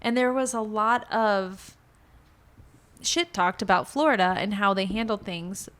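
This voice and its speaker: A woman guest on a podcast, telling her story in a frank, animated conversational way and swearing casually. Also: mid-range voice, a little slow.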